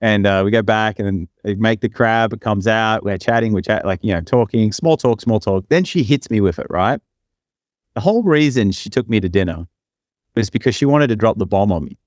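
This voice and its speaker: A man's voice: fairly low pitch, brisk, dry recording, studio quality. A young man telling a long story on a podcast as co-host, rambling, with many fillers and tag questions. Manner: rambling, full of fillers and "right?" tags. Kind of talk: casual storytelling.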